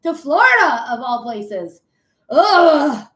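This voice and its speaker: Young woman, high voice, live-stream psychic host, loose and profane, quick to laugh. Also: expressive. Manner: chatty, swears freely, laughs often. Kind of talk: casual live-stream chat.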